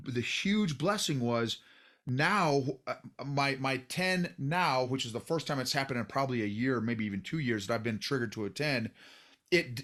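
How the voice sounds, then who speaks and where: A man's voice: medium pitch, fairly bright tone. A middle-aged man hosting a podcast, speaking earnestly and often stumbling and restarting his sentences. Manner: earnest, with frequent restarts and stammers. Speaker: podcast host. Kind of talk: casual podcast conversation.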